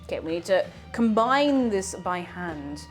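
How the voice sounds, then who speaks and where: A woman's voice: lowish voice, animated, unhurried, faint music behind. A woman streamer chatting casually with her viewers while she bakes. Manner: chatty, reading out viewer messages. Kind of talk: casual chat while baking.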